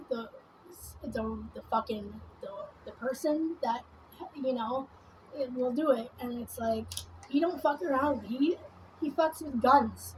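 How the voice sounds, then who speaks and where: A woman's voice: a little high, darkish tone, slight background noise, poor audio. A woman vlogging in a casual, rambling monologue full of swearing and fillers while she does her makeup. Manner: rambling, profane, many fillers. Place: at home doing her makeup.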